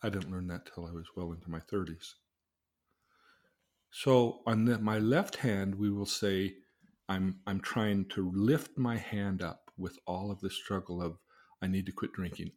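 A middle-aged man tells his own story as a religious life lesson for his daughter, earnestly asking questions and acting out quoted voices. His voice is low-pitched and darkish.

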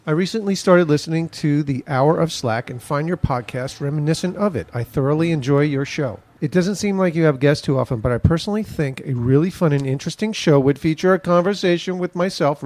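A jokey man co-hosting a podcast, his voice sitting a little on the higher side. He banters freely with the others and reads a letter aloud in a loose, playful way. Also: a little fast, a little mellow. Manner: jokey, slips into silly voices. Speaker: podcast co-host. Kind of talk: casual chat.

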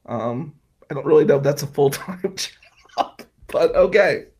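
A man's voice: on the high side, lively intonation, unhurried, a little mellow, husky. A man in his forties telling a rambling, profane personal story to his viewers in a casual vlog. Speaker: vlogger.

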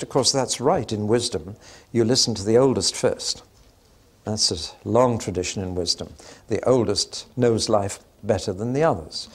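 A man giving a Bible teaching talk in a conversational way, with wry asides and rhetorical questions to his listeners. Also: medium pitch.

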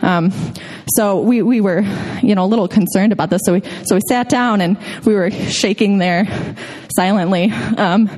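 A woman's voice: mid-range voice, normal speed, few pauses, darkish tone. Casual woman telling a stage story. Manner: casual, filler-heavy, lots of "like". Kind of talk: personal story told on stage.

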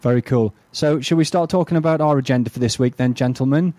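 A man's voice: medium pitch, quick pace, warm tone, dry recording. A man hosting a tech podcast, chatting in a genial, joking way. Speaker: podcast host. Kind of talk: casual tech podcast chat.

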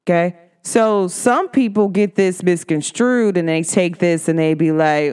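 A woman's voice: fairly low pitch, measured pace, hardly any pauses, darkish tone, clean tone. A woman talking casually to the camera, blunt and emphatic, often acting out the voices of people she quotes. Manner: blunt and outspoken. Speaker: vlogger.

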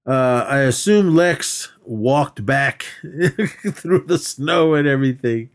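A man's voice: mid-range voice, lively intonation, slow. A man co-hosting a podcast, casually recapping a film, laughing often and acting out quotes as he rambles. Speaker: podcast co-host. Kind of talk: casual movie recap chat.

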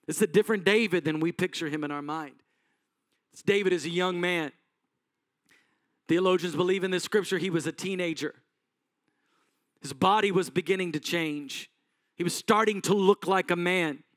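A man's voice: high voice, normal speed, pauses often, fairly bright tone, no room sound, studio quality. A male pastor preaching a sermon in a conversational storytelling manner, asking the congregation questions.

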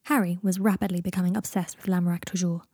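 Mellow husky woman reading a story. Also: on the low side, level tone, fast talker, no echo, studio quality. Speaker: podcast host and fanfic reader. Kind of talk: reading her own story aloud.

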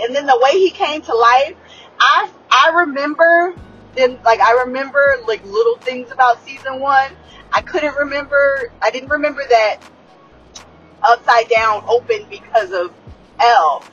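Woman, excitable rambling recap chat, lots of swearing, faint music behind, dull lo-fi sound. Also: sits high, normal speed. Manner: excitable, profane, rambling with many fillers. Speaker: show reviewer.

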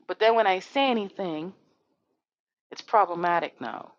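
A woman's voice: mid-range voice, normal speed. A woman hosting a podcast, delivering an impassioned monologue that is angry, profane and full of rhetorical questions. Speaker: podcast host. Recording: dull dry lo-fi recording.

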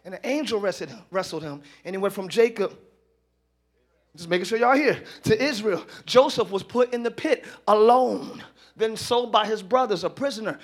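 In church, a pastor with a very high-pitched voice preaches a live sermon a little fast, building to shouted passages and tossing joking asides to the congregation.

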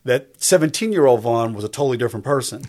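A husky-voiced man in his fifties, speaking as a guest in a faith-based conversation. He talks emphatically, with a preacher's cadence, and circles back to repeat his key lines. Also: medium pitch, lively intonation, fast talker, a little mellow. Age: 50s. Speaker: guest on a faith talk show.

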